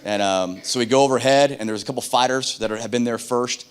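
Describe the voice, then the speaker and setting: A middle-aged man giving a keynote on a conference stage, telling stories in an animated way and acting out the dialogue. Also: mid-range voice, fast, smooth. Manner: animated, acts out dialogue in voices. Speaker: keynote speaker. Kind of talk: keynote storytelling.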